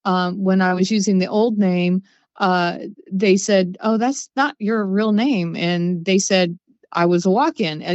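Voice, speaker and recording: A woman's voice: lowish voice, smooth, no room sound, muffled recording. A woman guest on a podcast who tells her stories in a casual, upbeat way and laughs between them. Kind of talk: casual storytelling.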